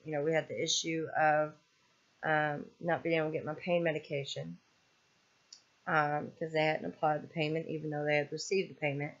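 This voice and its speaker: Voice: medium pitch, muffled recording. A vlogger ranting in a casual, exasperated way, rambling with lots of ums and swearing freely. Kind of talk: casual vlog rant.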